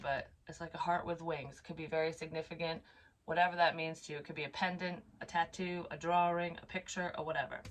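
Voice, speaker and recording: A woman's voice: low-pitched, fairly bright tone, slight background noise. A woman in her thirties or forties doing a casual psychic card reading, thinking aloud and rambling with many fillers. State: tearful at times.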